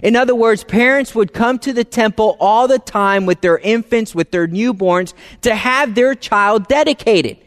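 A high-voiced man preaches a sermon as a pastor. His delivery is conversational and easy, and he drops to soft, hushed phrases for emphasis. His voice rings out in a long, reverberant church hall. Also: normal speed, hardly any pauses.

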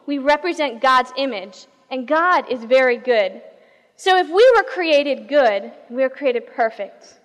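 A woman pastor preaching a sermon as an animated storyteller who shifts pace and volume. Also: high voice, a little slow. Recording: reverberant hall.

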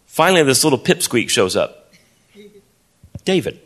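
A man preaching a sermon, telling a story with animated delivery and acting out the voices of its characters. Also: medium pitch, moderate pace. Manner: animated, acts out voices, repeats words.

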